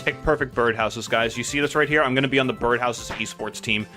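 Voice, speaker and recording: A man's voice: medium pitch, a little fast. Young guy doing game commentary, hyped up, swears a ton, talks to chat, faint music behind. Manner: excitable, swears a lot, talks to viewers. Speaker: gaming video host. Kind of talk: casual gameplay commentary.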